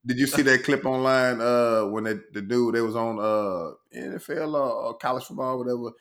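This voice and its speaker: A man's voice: mid-range voice, normal speed. Man telling funny stories. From Shreveport, Louisiana. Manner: animated storyteller, acts out quotes, laughs often. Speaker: podcast co-host. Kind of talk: casual chat.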